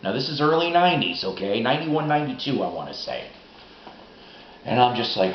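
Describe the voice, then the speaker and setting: A middle-aged man telling rambling, profane, excitable stories in a casual vlog monologue. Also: medium pitch, a little fast, a little hiss or hum. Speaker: vlogger. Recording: roomy, dull lo-fi recording.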